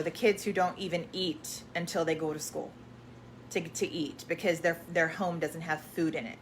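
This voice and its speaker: A woman's voice: fairly low pitch, fairly bright tone, a little hiss or hum. A woman hosting a live question-and-answer stream, talking casually and rambling with many fillers and restarts.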